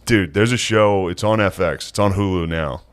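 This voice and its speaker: A man's voice: deep voice, moderate pace. A man co-hosting a podcast, laid-back and joking, with casual swearing. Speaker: podcast co-host. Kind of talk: casual chat.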